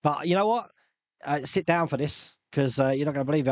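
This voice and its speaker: A man hosting a casual live stream, chatting loosely and answering viewers' questions with rambling asides and quick laughs. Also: fairly high pitch, dry recording. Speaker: YouTube live stream host.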